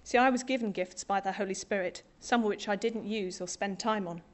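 A woman's voice: mid-range voice, brisk. A middle-aged woman from Britain preaching a sermon to a congregation, conversational and self-deprecating with humour.

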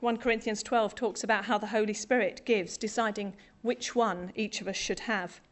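A woman's voice: mid-range voice, steady tone, normal speed. A middle-aged woman from Britain preaching a sermon to a congregation, conversational and self-deprecating with humour.

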